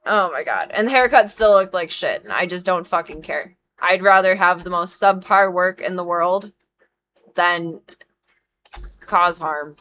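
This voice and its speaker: A woman's voice: lowish voice, unhurried, sharp tone. A woman in her thirties, a streamer and dog groomer, talking frankly and emphatically on a live stream and swearing freely. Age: 30s. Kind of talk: casual live-stream chat.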